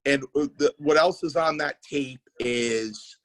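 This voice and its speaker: A man who promotes wrestling and once wrestled himself recounts stories on a casual podcast, speaking a little slowly in a higher voice. The recording is rough, and he's an animated storyteller who acts out each quote.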